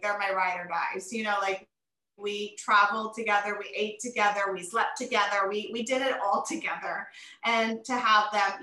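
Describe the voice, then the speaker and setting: A woman in her forties, a retired wrestler, telling stories in a casual interview in an animated, emotional way with many fillers. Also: mid-range voice, echoey room, poor audio.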